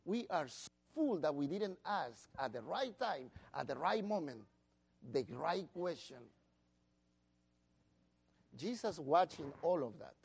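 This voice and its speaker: Man preaching, high and expressive, animates his story. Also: slow pace, vocal fry, pauses often, breathy edge. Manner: animated storytelling, acts out disciples' voices. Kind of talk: sermon.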